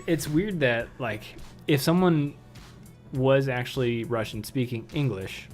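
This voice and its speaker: Midwest guy rambling on a podcast, laughs a lot, swears casually, mid-pitch. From American Midwest. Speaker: podcast co-host. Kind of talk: casual chat.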